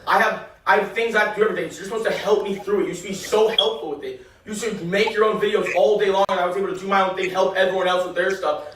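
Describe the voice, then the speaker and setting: A man berating his girlfriend in a heated argument, talking fast and raising his voice. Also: sits high, steady tone. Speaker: boyfriend in a played clip. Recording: echoey distant phone-style clip with background noise.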